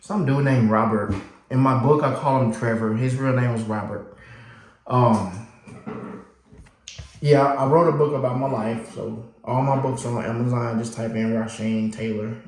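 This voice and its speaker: In an echoey room, a man chats to the camera about his life at a normal speed. He's an animated narrator, and his pitch shoots up when he acts out the younger version of himself.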